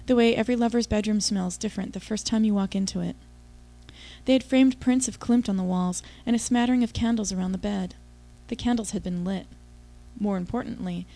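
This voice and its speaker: Woman, audiobook narrator, first person, confiding, mellow voice, mid pitch.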